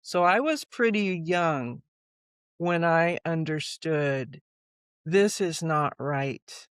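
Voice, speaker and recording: A woman in her sixties speaks in a measured, introspective way as an interview guest. Her voice is smooth and resonant, and her pace is unhurried. The sound is dry and close. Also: sits low, lively intonation, dry recording. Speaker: guest author. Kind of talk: reflective interview conversation.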